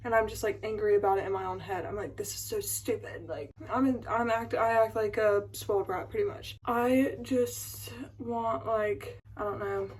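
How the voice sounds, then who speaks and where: A woman's voice: mid-range voice, normal speed, few pauses, a little mellow, low-quality recording. A woman in her twenties chatting casually to a phone camera at home, rambling with lots of fillers and emotion. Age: 20s. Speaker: vlogger. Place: at home, indoors.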